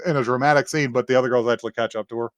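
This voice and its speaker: A man co-hosting a podcast, casually recapping a story in a rambling, animated way and acting out the characters' lines. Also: medium pitch, rapid-fire, dry recording. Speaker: podcast co-host. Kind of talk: casual chat recapping an anime episode.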